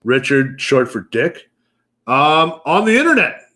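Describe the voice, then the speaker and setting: A man in his thirties co-hosting a podcast, ranting loudly with constant swearing and mock outrage. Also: mid-range voice, big pitch swings, a little slow. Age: 30s. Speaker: podcast co-host. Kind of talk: profane comedic rant.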